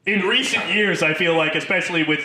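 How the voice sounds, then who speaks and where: A man co-hosting a film podcast, retelling movie scenes in casual, animated chat with frequent laughs. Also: a little high, fairly quick, roomy sound, slight background noise. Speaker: podcast co-host.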